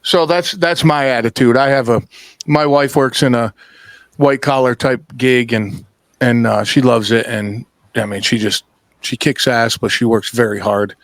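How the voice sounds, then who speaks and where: A man's voice: medium pitch, steady tone, measured pace, dry recording. Blunt, profane male podcast host. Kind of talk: casual chat.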